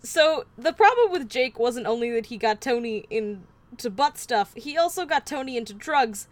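A woman hosts a casual podcast, recounting a true story with dry, wry asides. Her voice sits a little high. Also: animated, moderate pace, no room sound. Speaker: podcast host. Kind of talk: casual true-crime chat.

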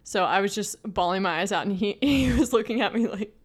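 A woman's voice: mid-range voice, a little fast. A young woman co-hosting a podcast in casual chat, talking in a chatty way with many fillers and restarts. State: pregnant. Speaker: podcast co-host.

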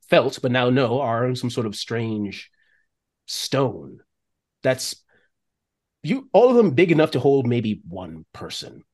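Man, game master, tabletop narration, middle pitch, animated, descriptive, lots of fillers.

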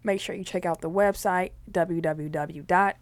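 A woman's voice: fairly low pitch, moderate pace. A woman co-hosting a podcast, telling stories in casual chat and acting out what people said. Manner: animated storyteller who acts out quotes. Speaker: podcast co-host.

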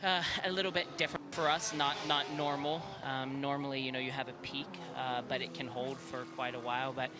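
A man, a race car driver, being interviewed in the pit lane, answering in a halting, stumbling way while he watches telemetry. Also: medium pitch, flat delivery. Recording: loud race car noise behind. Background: race cars running.

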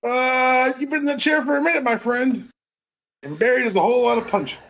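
A man's voice: very high-pitched, fairly quick, fairly bright tone, rough recording. A man co-hosting a casual podcast review of a TV episode, emphatic and profane, riffing on the characters with mock dialogue. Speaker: podcast co-host.

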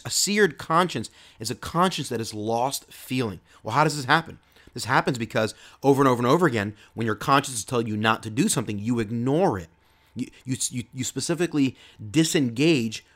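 A man preaching a sermon in an earnest way, often repeating words and restarting phrases. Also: mid-range voice.

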